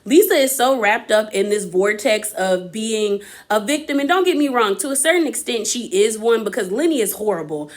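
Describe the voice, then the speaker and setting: A woman's voice: on the high side, animated, normal speed, few pauses. A woman, giving an opinionated, chatty recap of a reality show and acting out quotes from the cast. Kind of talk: casual recap commentary.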